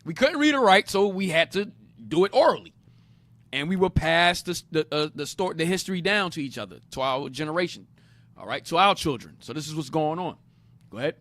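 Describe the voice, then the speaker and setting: A man's voice: on the high side, lively intonation, a little fast, fairly bright tone, no room sound. Emphatic man teaching a Bible class. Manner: explains each passage, then prompts the reader to go ahead; emphatic, repeats key phrases. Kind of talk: interactive Bible lesson.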